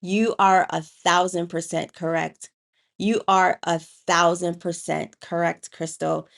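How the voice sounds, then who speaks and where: A woman with a lowish voice co-hosts a relaxed chat, telling stories from her classroom. She shifts from calm and measured to loud and animated when a point gets argued. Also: vocal fry. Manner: storytelling, grows animated and loud when arguing. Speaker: co-host and educator. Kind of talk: casual podcast chat.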